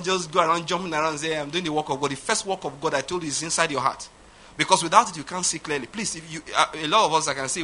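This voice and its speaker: Pastor guy preaching, high husky voice, pushes hard then drops quiet. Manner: emphatic preaching, rising to loud exclamations and quieting to asides. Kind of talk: sermon.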